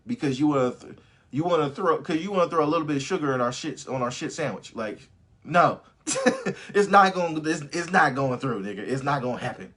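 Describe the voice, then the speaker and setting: A man's voice: medium pitch, a little fast, husky. A man hosting a casual live stream, talking animatedly with lots of swearing and laughter, and reading viewer comments aloud. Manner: animated, profane, laughs often. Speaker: host of a live movie review stream.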